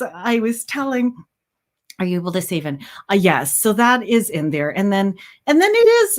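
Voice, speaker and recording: A woman hosting a casual livestream chat, talking chattily with many fillers and restarts and reading out viewer comments. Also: mid-range voice. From Canada. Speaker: livestream host, handmade hat seller.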